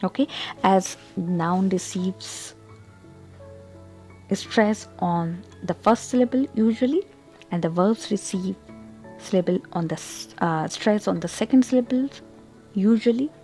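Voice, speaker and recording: A woman teaching English pronunciation in a slow, deliberate lesson, repeating example words and checking in with "okay?". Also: mid-range voice, dark tone, soft background music.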